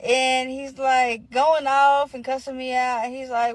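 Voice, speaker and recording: A woman's voice: high voice, little pitch movement, unhurried, dry recording, rough recording. A woman casually telling a personal story, rambling with many fillers and acting out what others said. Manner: rambling, full of "like" fillers, acts out quoted dialogue. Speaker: storyteller in a played clip.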